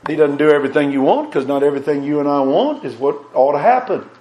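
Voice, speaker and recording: A man preaching a sermon in a folksy way, reading scripture aloud and swinging between loud emphasis and soft asides. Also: fairly high pitch, lively intonation, fast, highs cut off.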